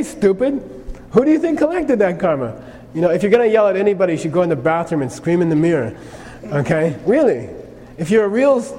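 A man's voice: fairly high pitch, warm tone. A man giving a lecture on Buddhist teaching, speaking conversationally and often checking in with "okay?". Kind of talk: lecture on karma. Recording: long reverb, faint noise.

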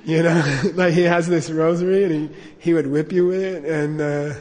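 A man's voice: on the high side, fairly even intonation, normal speed, darkish tone, long reverb tail. A middle-aged man telling a personal anecdote in a rambling way, with lots of fillers and chuckles. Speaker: storyteller.

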